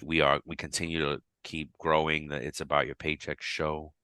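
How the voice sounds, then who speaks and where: A man with a very low voice co-hosts a podcast in a loose, casual back-and-forth. His tone is bright and forceful, and the recording is dry and close. He gets animated and shoots his voice way up when he acts out a reaction. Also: normal speed, clear, resonant tone, dry recording. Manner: animated, jumps to high pitch when quoting himself. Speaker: podcast co-host.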